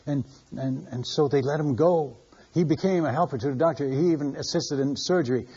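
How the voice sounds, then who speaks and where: A man's voice: fairly high pitch, brisk, dark tone, slightly rough. An older man and missionary preacher, telling stories in a folksy, conversational sermon style with a chuckle in his voice. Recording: dull lo-fi sermon recording.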